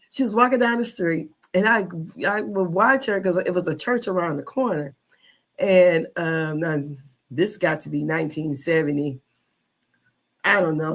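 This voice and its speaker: A woman in her fifties, a podcast host telling a childhood story in casual chat, laughing often and swearing freely. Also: lowish voice.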